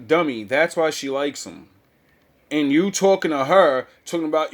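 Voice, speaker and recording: Male host, casual blunt mocking delivery, voice a touch high. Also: a little slow. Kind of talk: casual chat.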